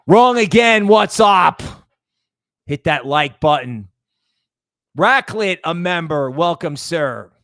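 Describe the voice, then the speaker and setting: A man's voice: high voice, fairly bright tone, no echo, studio quality. A man hosting a casual livestream, rambling and greeting chat members by name. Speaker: livestream host.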